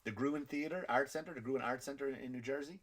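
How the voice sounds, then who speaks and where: The host of a comedy podcast, an Irishman, rants in a loose stand-up way at a fairly quick clip. He often restarts and repeats himself, shifting between loud outbursts and quiet muttering.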